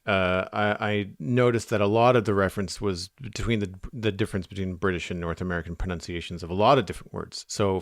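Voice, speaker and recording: Low-voiced podcast co-host. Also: male voice, dry recording, clean studio sound. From Canada. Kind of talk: casual podcast chat, reading listener email.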